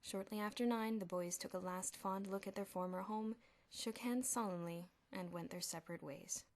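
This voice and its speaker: A woman reading a children's novel aloud as an audiobook, with an expressive delivery. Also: medium pitch, normal speed. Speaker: audiobook reader. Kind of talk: audiobook narration.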